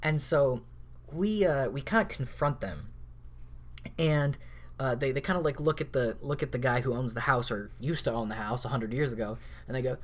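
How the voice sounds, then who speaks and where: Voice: mid-range voice, normal speed. A podcast host telling a tabletop game story in a rambling, casual way, full of filler words. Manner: rambling, lots of "like" and laughing asides.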